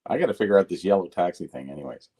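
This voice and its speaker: A man co-hosting a podcast, making dry, deadpan interjections in casual chat. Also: sits low, very fast, slightly rough. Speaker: podcast co-host.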